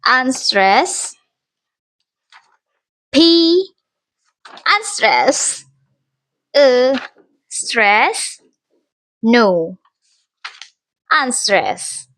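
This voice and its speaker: Slow, careful young woman. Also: fairly high pitch, a bit bright, no room sound. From Indonesia. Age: young adult. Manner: careful, repeats and corrects herself. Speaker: university student presenting. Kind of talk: recorded class presentation.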